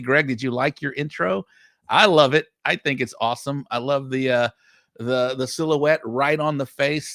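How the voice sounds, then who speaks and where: A man hosting a live online show, energetic and reading out viewer shout-outs. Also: medium pitch, no room sound, studio quality. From Texas. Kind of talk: live-stream chat.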